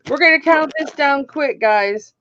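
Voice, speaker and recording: Hosting a live online jewelry auction, this woman chats casually, naming bidders as she counts down their bids. Her voice is high and a bit bright, her pace unhurried, and the audio dull.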